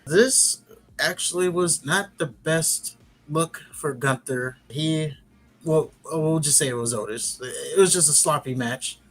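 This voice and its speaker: A man's voice: on the high side, fairly bright tone. Chatty man recapping wrestling. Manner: rambling, chatty retelling with restarts. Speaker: podcast host.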